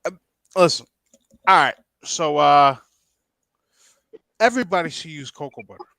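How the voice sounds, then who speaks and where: Bright-voiced laid-back man. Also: on the high side, animated, moderate pace, gravelly, clear, resonant tone, dry recording. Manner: laid-back, lecturing in fun. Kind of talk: casual podcast banter.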